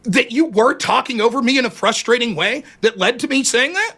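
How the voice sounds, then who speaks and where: A strikingly high, bright-toned man argues his side of an online debate from his home streaming setup. His pitch swings widely as he gets defensive. He swears freely and trips over restarts while making his case. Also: expressive. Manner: defensive and profane, fast restarts.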